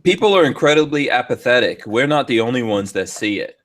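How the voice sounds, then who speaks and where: A man's voice: medium pitch, expressive, a little fast, fairly bright tone. A man hosting a casual podcast chat, heated and ranting, with mocking asides. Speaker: podcast host. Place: Florida studio.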